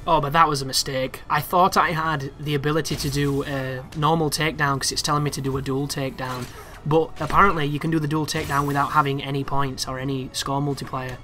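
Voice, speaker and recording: A young man talks over his gameplay in a casual, rambling walkthrough. His voice sits a little high and sounds bright and forceful. He gets excitable and swears freely as he chats to his viewers. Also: brisk, faint music behind. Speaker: gameplay commentator. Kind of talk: casual game walkthrough commentary.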